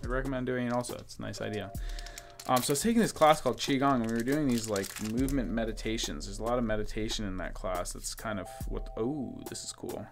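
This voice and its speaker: A young man hosting a card-opening video and telling a personal story in a loose, relaxed way full of ums and likes. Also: mid-range voice, fast. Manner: rambling, relaxed, frequent fillers. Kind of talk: casual story time while opening cards. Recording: music playing clearly behind the voice.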